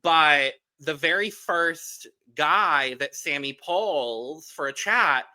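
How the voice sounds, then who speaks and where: A man's voice: a little high, lively intonation, bright, forceful tone. A man co-hosting a podcast, giving frank opinions on a reality dating show in casual chat. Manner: frank and chatty, quick to agree. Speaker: podcast co-host.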